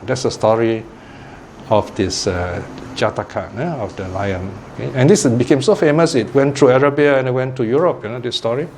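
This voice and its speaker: Man, Buddhist teacher, dharma talk, animated storytelling, medium pitch, faint hiss. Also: moderate pace. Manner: animated storytelling, laughs often.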